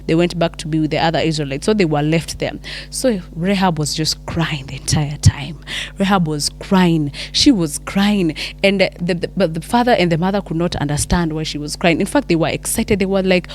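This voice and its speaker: Animated Kenyan woman retelling a story. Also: deep voice, normal speed, slight background noise. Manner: animated, mixes English and Swahili, many restarts. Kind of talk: casual Bible story retelling.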